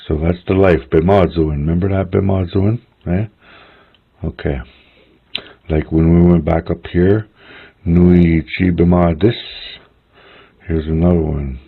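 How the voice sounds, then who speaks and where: Slow, husky man teaching words. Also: deep voice. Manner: slow, patient, repeats words syllable by syllable; chatty asides ending in "eh?". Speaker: language teacher. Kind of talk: casual spoken language lesson. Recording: phone-quality lo-fi audio.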